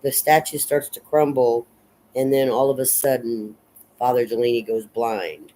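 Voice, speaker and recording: A woman casually recapping and analyzing a film in a rambling, unhurried way, full of fillers and restarts. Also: very deep voice, steady tone, warm tone, slight background noise, rough recording. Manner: unhurried and reflective. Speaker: film reviewer.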